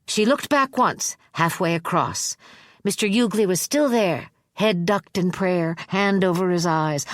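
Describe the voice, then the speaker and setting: A woman narrating an audiobook in a measured, expressive reading. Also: sits low, dry recording, clean studio sound. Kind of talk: scripted narration.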